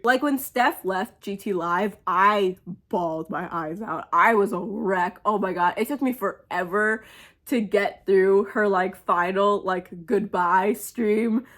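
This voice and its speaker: A young woman speaking in a casual, heartfelt monologue. She gushes and rambles, filling her talk with little fillers, and her voice sits at an ordinary middle pitch. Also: slow, a bit bright. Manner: gushing and emotional, many "like" fillers. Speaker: fan sharing a tribute.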